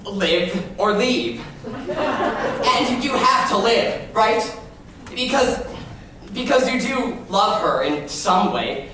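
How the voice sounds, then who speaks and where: A fussy, lonely musical-theatre fan, chatting in confiding asides with a mid-pitched voice. The sound is a distant stage recording, awash in the long echo of a big theatre. A faint hiss sits under it. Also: expressive, very slow, pauses often. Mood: chatty. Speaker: stage narrator. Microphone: far room mic.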